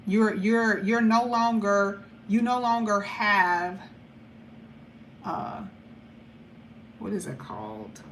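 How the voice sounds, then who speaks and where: A woman giving a casual tarot reading to camera, talking in a chatty, blunt way with animated asides. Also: medium pitch, slow pace, pauses often, a little hiss or hum. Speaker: tarot reader.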